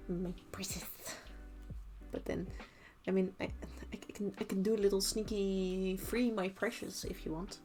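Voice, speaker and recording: A young woman streaming while she crafts, chatting casually, giggling often and hesitating with many restarts. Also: medium pitch.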